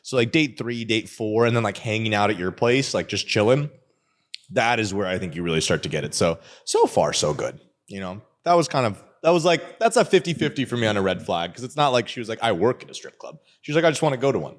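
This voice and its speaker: A man's voice: on the low side, very animated, fast talker. A young man guest on a podcast, telling crude stories in casual chat and joking and laughing as he goes.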